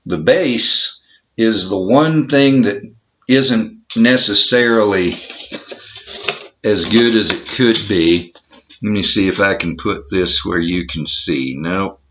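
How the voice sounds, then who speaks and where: A man's voice: fairly low pitch, takes it slowly, fairly bright tone, a little hiss or hum. A man with a Texan accent, casually showing something on a home video in an easygoing, self-deprecating way. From Texas. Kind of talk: casual show-and-tell vlog. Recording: dull lo-fi home recording.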